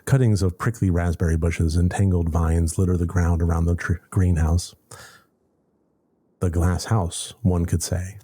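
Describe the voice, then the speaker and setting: A man's voice: deep voice, warm tone, breathy edge. A man playing a story game, reading its text aloud and making wry, sarcastic asides. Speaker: let's play gamer.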